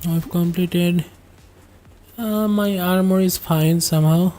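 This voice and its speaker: A woman narrating her own gameplay on a livestream. Her delivery is unhurried and level, with little rise or fall. She muses aloud and drifts into rambling asides to her chat while faint game music plays underneath. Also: lowish voice, steady tone, dark tone. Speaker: game streamer.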